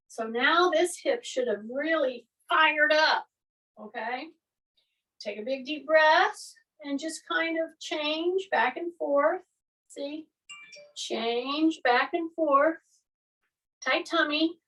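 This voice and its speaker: Upbeat high-voiced woman fitness coach. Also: a bit bright, far from the mic, low-quality recording. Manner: upbeat, coaching, lots of "okay?" check-ins. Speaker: fitness instructor. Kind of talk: guided workout instruction.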